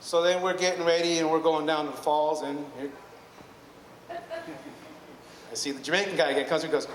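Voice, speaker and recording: A man's voice: on the high side, animated, moderate pace. A man telling a personal story live to an audience, chatty and rambling, often correcting himself. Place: hall at a live storytelling evening. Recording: echoey hall with long reverb, faint noise.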